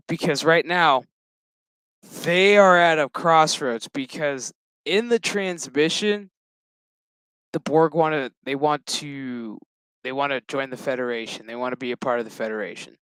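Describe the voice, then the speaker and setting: A man's voice: on the high side, a little slow, a bit bright, smooth, dry recording, rough recording. A man giving a rambling, profane and jokey casual recap of a TV episode. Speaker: show reviewer.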